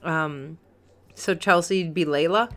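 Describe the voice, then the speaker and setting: A woman's voice: sits low, unhurried, slight background noise. A young adult woman co-hosting a casual podcast, reading chat comments with giggles and lots of ums and likes. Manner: giggly, rambling, many "um"s and "like"s.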